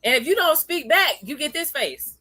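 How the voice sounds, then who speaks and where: A woman's voice: high-pitched, very animated, normal speed, sharp tone, no echo. A woman hosting a casual livestream, chatting with viewers, greeting them by name and laughing often. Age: adult, parent of a young child. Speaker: livestream host.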